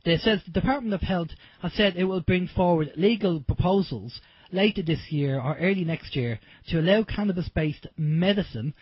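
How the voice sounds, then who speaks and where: A man's voice: sits high, normal speed, husky, no room sound. Chatty Irish man hosting radio. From Ireland. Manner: chatty, rambling, many fillers. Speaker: radio show host. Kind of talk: casual radio talk. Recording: dull lo-fi internet radio.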